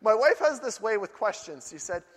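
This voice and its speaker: A man preaching a sermon to a group in a church hall, telling lively stories and acting out voices and outbursts. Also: sits high, normal speed. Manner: animated storytelling, acts out voices and outbursts. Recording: long hall reverb.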